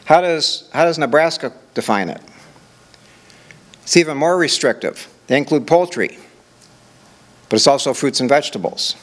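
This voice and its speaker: A man's voice: a little high, animated, moderate pace, long pauses. An older man from Minnesota giving a conversational conference presentation, walking through examples with rhetorical questions. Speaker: conference speaker.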